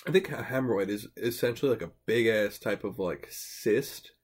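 A man's voice: fairly low pitch, normal speed. A young man co-hosting a podcast, chatting casually, swearing often and rambling with lots of filler words. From Irish background, from a white suburban area. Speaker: podcast co-host.

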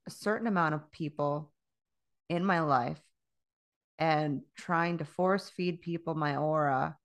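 A woman co-hosting a casual chat, candid and profane, often laughing as she talks. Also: lowish voice. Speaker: podcast co-host.

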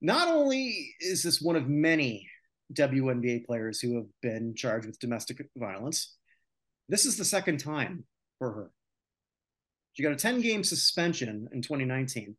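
A man's voice: mid-range voice, very animated, moderate pace, fairly bright tone. A man from North America hosting a sports podcast, talking casually and with strong opinions. He rambles and rants, with frequent filler sounds between his points. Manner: opinionated, ranting, many filler "uh"s. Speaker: podcast host.

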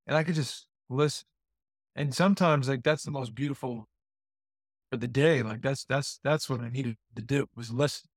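A man in casual faith conversation, talking in a rambling, halting way, often repeating words. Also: mid-range voice, no echo, studio quality.

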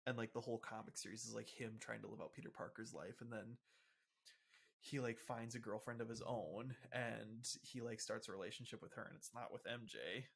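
A man's voice: fairly low pitch, fairly even intonation, a little fast, creaky, slightly rough. A young man co-hosting a casual podcast, explaining comic plots in a loose, rambling way full of fillers. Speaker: podcast co-host. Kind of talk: casual chat.

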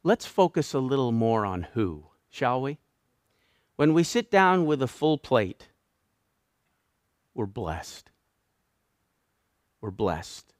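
A man's voice: mid-range voice, dry recording, studio quality. A Canadian man with a Canadian accent preaching a sermon, emphatic and building his points through repeated phrases. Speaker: pastor.

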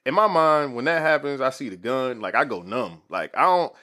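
A man's voice: mid-range voice, animated, moderate pace, sharp tone. A man in his thirties telling a story in casual, slangy talk full of "like" fillers. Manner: laid-back, slangy, lots of "like" fillers.

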